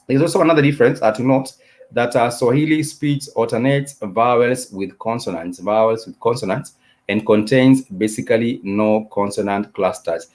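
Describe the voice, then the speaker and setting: A man teaching a live-streamed language class, explaining at length with many fillers and repeating words slowly letter by letter. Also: mid-range voice, a little mellow. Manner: repetitive, explanatory, many "uh" and "you know" fillers. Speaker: Swahili teacher.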